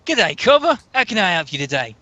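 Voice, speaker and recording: A man voicing a gruff Australian male underworld contact with a put-on Australian accent and blokey slang. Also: high-pitched, big pitch swings, a little fast, bright, forceful tone, dry recording, muffled recording, pitched above the performer's own voice, heavily acted. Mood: cheerful.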